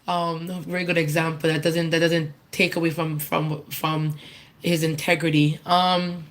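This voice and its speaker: Speaking at church, a woman offers a tribute as an informal personal testimony, her low-pitched voice flat and her pace moderate. She comes across as earnest and candid, frequently starting over and repeating phrases while hunting for the right words.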